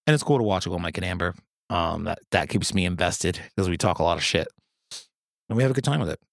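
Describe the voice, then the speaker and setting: Profane rambling man, low and dry. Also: animated, quick pace, creaky, dry recording. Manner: rambling, profane, jokey storytelling with sudden high-pitched quoted voices. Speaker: podcast host. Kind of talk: casual solo chat.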